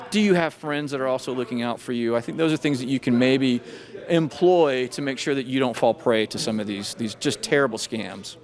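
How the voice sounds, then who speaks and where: A middle-aged man, an FBI agent, answering interview questions about scams in a measured, thoughtful way with frequent restarts. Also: medium pitch.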